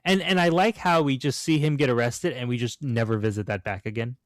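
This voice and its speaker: A relaxed young man talks over a movie on a podcast, asking questions and chiming in with agreement. His voice is dry and close, recorded with little room sound. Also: medium pitch, a little fast, no room sound. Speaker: podcast co-host. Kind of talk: casual movie discussion.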